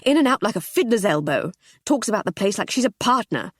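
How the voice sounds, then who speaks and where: A sour middle-aged man, as a woman narrator plays him grumbles with scorn. Husky and low, read dry and close. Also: big pitch swings, fairly quick, no room sound. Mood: grumbling.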